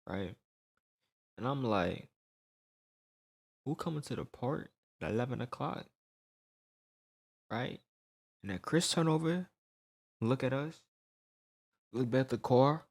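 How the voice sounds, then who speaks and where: A young man telling a storytime tale in casual slang, animated and peppered with "right?" tags. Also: medium pitch.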